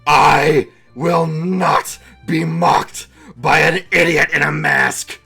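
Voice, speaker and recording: A man voicing a haughty, menacing shady male stranger in a tabletop game, speaking slowly and darkly. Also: lively intonation, creaky, bright, forceful tone, slightly rough, faint music behind, exaggerated voice. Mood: threatening. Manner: slow, deep, threatening delivery.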